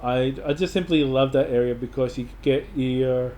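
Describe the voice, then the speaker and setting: A man's voice: medium pitch, steady tone, moderate pace, dark tone, a little hiss or hum. An Australian man giving casual travel advice to camera, rambling and enthusiastic, with lots of fillers and restarts.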